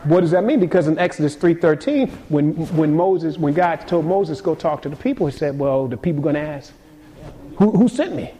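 Pastor, male, fairly high voice; dynamic conversational preaching, quiet lows to emphatic peaks. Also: expressive, a little fast. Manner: casual conversational delivery with repeated words. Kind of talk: sermon.

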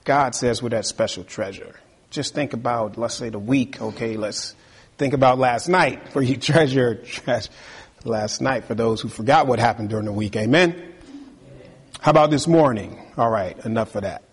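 A man's voice: mid-range voice, normal speed, husky. A male pastor preaching a sermon, reading scripture aloud and calling out to the congregation for responses.

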